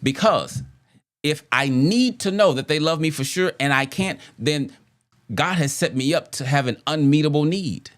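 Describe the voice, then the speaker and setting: A man's voice: a little high, animated, normal speed, a bit bright. A man hosting a podcast, speaking casually about relationships with rhetorical questions and frequent repeated phrases. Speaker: podcast host.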